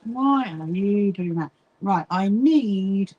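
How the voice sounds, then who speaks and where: A woman's voice: medium pitch, expressive, takes it slowly, mellow, slightly rough, highs cut off. A middle-aged woman chats casually to viewers while she sews, reading out their comments and laughing often. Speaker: livestream host. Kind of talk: casual chat while sewing.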